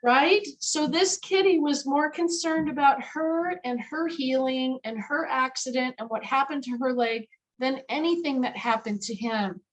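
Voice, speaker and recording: A woman, a guest animal communicator, telling a story in an interview in an emphatic, lively way with many fillers. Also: high voice, a little slow, poor audio.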